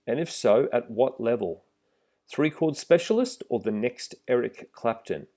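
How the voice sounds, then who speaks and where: A middle-aged man giving a relaxed, plain-spoken instructional talk to trainee driving instructors, with some fillers. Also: mid-range voice, a little slow. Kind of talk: instructional voice-over with slides.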